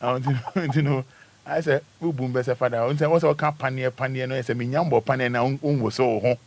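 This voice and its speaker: A man's voice: medium pitch, steady tone, quick pace, creaky, slight background noise. Playful male radio host. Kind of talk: casual radio chat. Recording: radio broadcast.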